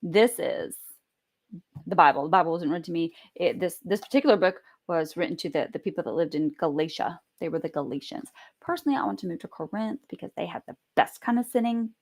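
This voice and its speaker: A woman vlogging at home, telling a story in an animated, chatty way and swearing freely. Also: on the low side, quick pace. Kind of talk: casual storytelling vlog.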